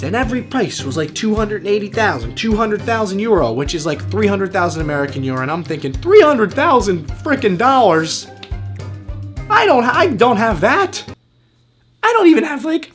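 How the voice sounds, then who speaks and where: A man vlogging, telling a prank story in an animated way, swearing freely and acting out the voices of the people in it. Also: on the high side.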